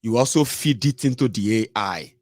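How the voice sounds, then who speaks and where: A man's voice: on the low side, normal speed, no echo, clean studio sound. A Nigerian man hosting a casual livestream, chatty, mixing in pidgin and frequent "eh" and "omo". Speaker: host.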